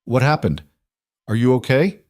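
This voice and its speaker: A man's voice: mid-range voice, big pitch swings, normal speed, no echo, studio quality, pitched above the performer's own voice, close to an everyday voice. A man playing a worried, protective single dad. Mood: urgent protective. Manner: urgent, insistent. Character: protective, anxious single father.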